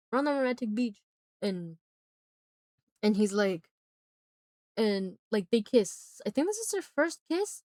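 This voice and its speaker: While drawing on a live stream, a woman recaps a movie in rambling, casual chat, using "like" constantly and breaking into bursts of laughter. Her voice is mid-range and a little mellow.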